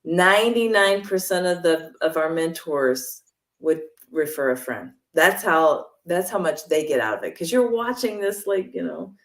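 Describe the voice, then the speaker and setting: A woman's voice: on the low side, animated, a little slow. A woman representing a mentorship program, talking in an upbeat, persuasive way during a livestream interview. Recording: roomy sound, far from mic.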